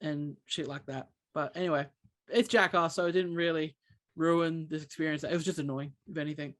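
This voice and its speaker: Podcast co-host, man, slightly higher pitch, chatty rambling storyteller. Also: steady tone, brisk, a bit bright. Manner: rambling storyteller, many restarts. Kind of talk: casual chat.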